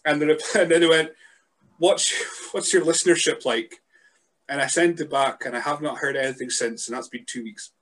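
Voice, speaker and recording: A man hosting a podcast, chatting casually in a deadpan, joking way. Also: mid-range voice, fast, few pauses. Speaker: podcast host.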